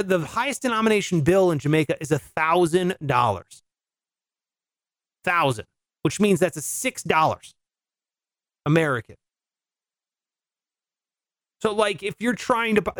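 A man's voice: high-pitched, no echo, clean studio sound. A man riffing comically on news stories in a loose, joking way, laughing between his lines.

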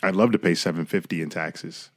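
A man's voice: low-pitched, steady tone, a little fast, no echo, studio quality. A man co-hosting a podcast from home, chatting casually in a joking, profane, laid-back way. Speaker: podcast co-host. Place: home room lit by a ring light.

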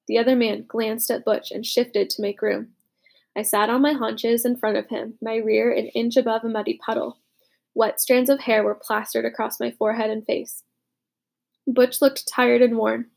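A woman narrating a chapter book in a measured, reflective way. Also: fairly high pitch, gravelly, darkish tone. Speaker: audiobook narrator. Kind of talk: storybook narration.

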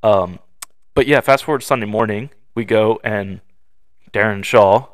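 A man's voice: fairly low pitch, moderate pace, no room sound, clean studio sound. A young man co-hosting a podcast, telling stories in a loose, casual way with lots of fillers. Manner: storytelling, acting out quoted voices; loose, filler-heavy delivery. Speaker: podcast co-host. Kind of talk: casual chat.

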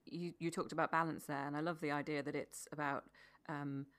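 A woman's voice: deep voice, level tone, brisk, a bit bright. A woman hosting a podcast interview, asking questions in a hesitant way with restarts. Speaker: podcast host.

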